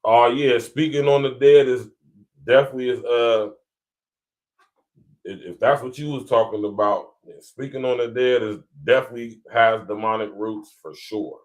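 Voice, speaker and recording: A podcast host with a Columbus, Ohio accent chats casually with his live audience, laid-back and chuckling often. His voice is medium in pitch with a steady tone, and he talks at a moderate pace.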